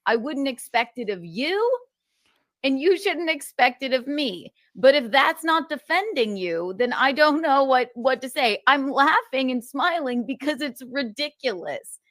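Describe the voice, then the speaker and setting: A woman's voice: sits high, expressive, unhurried, a bit bright, no echo, clean studio sound. A woman streamer who swears a lot, defending herself in an exasperated, casual monologue.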